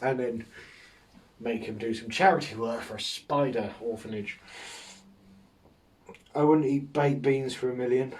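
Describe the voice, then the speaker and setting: A man's voice: medium pitch, a little mellow, far from the mic. A man hosting a casual solo podcast, rambling through jokes with a self-mocking humour and frequent chuckles. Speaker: podcast host.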